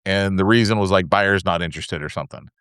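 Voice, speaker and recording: A man's voice: sits low, quick pace, a bit bright, clear, resonant tone, no echo, clean studio sound. A man co-hosting a podcast, telling casual anecdotes full of fillers and asides. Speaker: podcast co-host. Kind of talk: casual chat.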